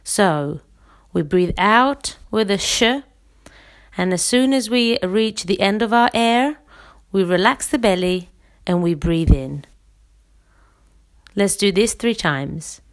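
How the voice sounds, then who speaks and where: A woman singing teacher leading a guided breathing exercise, giving calm step-by-step instructions and demonstrating each sound. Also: mid-range voice, slow, long pauses.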